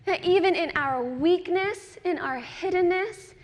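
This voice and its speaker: A woman giving a sermon at a church service, with animated, personal storytelling and easy laughter. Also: very high-pitched, unhurried, long reverb tail. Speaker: guest speaker at a church.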